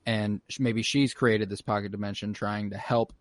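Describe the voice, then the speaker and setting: A man with a fairly low voice co-hosts a casual pop-culture podcast. He recaps scenes in an animated way, often slipping into the characters' lines and swearing freely. The sound is dry and close, with little room in it. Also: moderate pace, no room sound. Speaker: podcast co-host.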